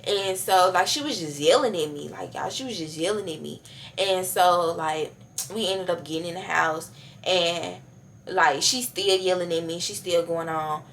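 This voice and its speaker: A woman's voice: on the low side, moderate pace, a bit bright, slight background noise. A young woman vlogger telling a casual storytime, chatty and slangy, talking straight to her viewers with many fillers.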